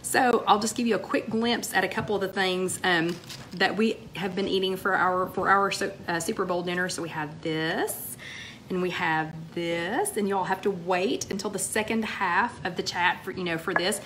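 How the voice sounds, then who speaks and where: A woman, a little hoarse, hosting a casual live-stream chat and greeting viewers by name. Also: lowish voice, fairly even intonation, moderate pace, fairly bright tone, slight background noise. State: slightly hoarse. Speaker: livestream host. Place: home, TV playing in the background.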